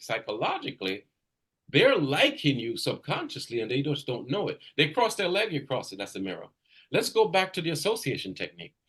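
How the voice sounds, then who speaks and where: During a live video session, a man coaches real estate agents, speaking energetically in emphatic bursts. His mid-range voice is a bit bright, and he repeats his points for emphasis while addressing a trainee directly.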